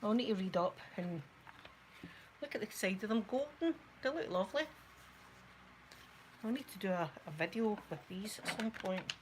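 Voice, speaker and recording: A Scottish woman hosting a soft-spoken ASMR makeup video, chatting to viewers and rambling through stories, sometimes dropping to a near-whisper. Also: medium pitch, expressive, moderate pace, pauses often, noisy background. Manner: chatty, rambling storyteller who talks to viewers. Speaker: ASMR channel host.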